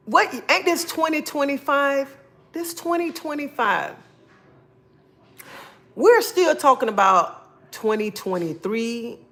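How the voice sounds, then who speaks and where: A woman's voice: mid-range voice, a bit bright. Chatty devout woman greeting her viewers. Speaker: livestream host. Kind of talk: casual livestream chat.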